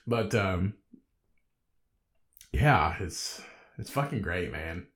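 A man's voice: deep voice, expressive, extremely slow, pauses often, fairly bright tone. A man in his thirties hosting a solo podcast, laid-back and rambling, swearing constantly and laughing often. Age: 30s. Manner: talks in a rambling, conversational way. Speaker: podcast host.

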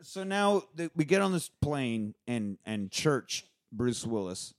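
A man's voice: medium pitch, big pitch swings, takes it slowly, dry recording, studio quality. A man recapping scenes of a movie in casual chat, mockingly paraphrasing what the characters say.

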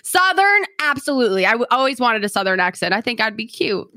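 A woman with a slight New England accent, chatting loudly and excitably as a co-host, laughing often and swearing freely. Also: a little high, fast talker, no echo, studio quality. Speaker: Twitch streamer and co-host. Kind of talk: casual chat.

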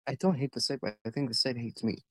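A man's voice: medium pitch, steady tone, fast talker, dry recording. A man in a casual podcast chat, exasperated and swearing often.

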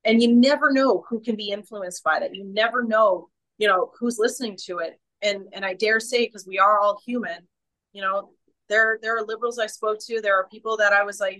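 Woman, bright voice, emphatic, passionate, restarts mid-sentence, interview guest. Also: medium pitch, fairly even intonation, a little fast, rough recording. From Canada. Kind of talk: casual interview chat.

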